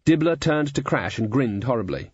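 A man reading a comic fantasy novel aloud in scripted narration, dry and even. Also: medium pitch, normal speed, husky, no room sound, lo-fi sound. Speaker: audiobook narrator.

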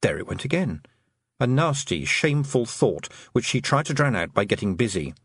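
A man narrating a story in an audiobook, expressive and lively. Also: medium pitch, normal speed, creaky, breathy edge, dry recording.

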